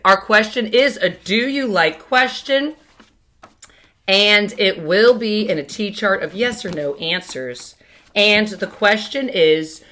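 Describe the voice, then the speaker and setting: A cheerful woman kindergarten teacher talks her class through the day's plan. Her voice bounces in a sing-song way, and she drags out key words slowly and clearly for small children. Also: medium pitch, bright, forceful tone. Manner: upbeat, sing-song, slow and emphatic for children. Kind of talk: morning message lesson to young children.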